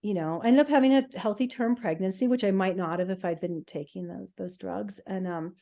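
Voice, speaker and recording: Woman telling her story with a mellow voice. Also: mid-range voice, vocal fry. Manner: emotional, halting, many fillers and restarts. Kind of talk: casual personal storytelling.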